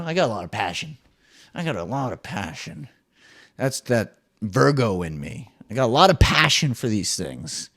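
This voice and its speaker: A young man riffs through a comedy podcast rant, his pitch leaping up and dropping low as he goes. He swears freely and swings from loud outbursts to mumbled asides. His voice sits at an ordinary middle pitch. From New Jersey. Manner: animated, swearing, swings between loud bursts and muttered asides. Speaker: podcast host.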